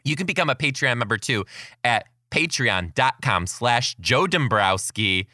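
Guy teacher doing his podcast, bright forceful voice, excitable and chatty, keeps laughing. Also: medium pitch, measured pace, no room sound, studio quality. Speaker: podcast host and kindergarten teacher. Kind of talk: casual storytelling monologue.

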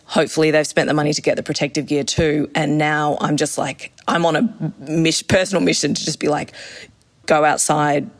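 A woman's voice: low voice, little pitch movement, moderate pace. A woman, an enthusiastic roller skating instructor chatting in an interview and acting out quotes as she talks. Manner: enthusiastic, acts out quotes in shifting voices. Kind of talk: casual interview chat.

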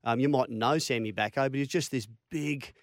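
Brisk and mid-range, the voice belongs to a fifty-something Australian who once played rugby league. Recorded dry with studio quality, he tells stories as an interview guest, animatedly acting out quotes and chuckling at his own tales.

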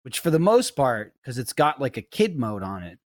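A man in his thirties chatting casually on a podcast, telling lively stories, swearing freely and mimicking his kid. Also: medium pitch, moderate pace, dry recording, studio quality. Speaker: podcast host. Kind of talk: casual chat.

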